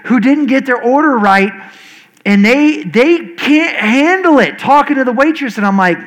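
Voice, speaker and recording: A male pastor in his forties delivers a sermon in a fairly high voice. He talks quickly and earnestly, often restarting his sentences as the words tumble out. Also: lively intonation, fairly bright tone, poor audio. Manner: fast-talking, earnest, with frequent restarts.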